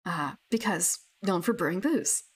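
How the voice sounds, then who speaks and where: Woman, young adult, casual chat, rambling, lower pitch. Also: expressive, a little slow, husky. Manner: rambling, full of fillers and restarts. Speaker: tabletop gamer.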